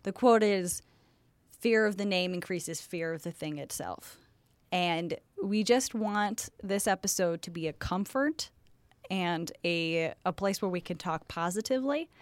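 A woman's voice: lowish voice, a little slow, dry recording. A woman with a Chicago accent, co-hosting a podcast in playful casual chat and laughing often. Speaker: podcast co-host.

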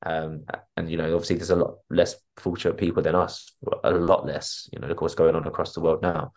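Man, very deep voice, podcast guest, candid, acts out dialogue. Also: a little mellow. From North London. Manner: candid, vivid retelling, acts out quoted dialogue. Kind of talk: casual interview storytelling.

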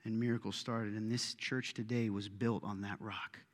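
A man's voice: lowish voice, normal speed. Man preaching in a reverberant hall. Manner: animated preaching, swinging from loud to hushed. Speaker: pastor. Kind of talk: sermon. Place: church auditorium.

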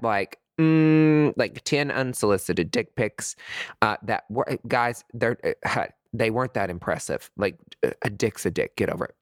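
A man talking candidly to his viewers in a sassy, animated way, full of swearing and pet names, with sudden high squeals of disgust. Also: dry recording, studio quality. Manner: very expressive pitch swings, high squeals of disgust. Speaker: vlogger sharing dating opinions.

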